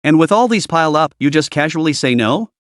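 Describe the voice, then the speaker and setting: Male narrator for a story recap, lively delivery with a wide pitch range and dry close sound. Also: brisk, clear, resonant tone, no echo. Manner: animated storytelling, voicing all the characters' lines.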